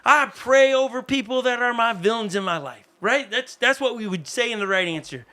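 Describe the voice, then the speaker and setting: A man preaching a sermon as pastor, in a conversational, animated way with asides to the congregation. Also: very high-pitched, moderate pace.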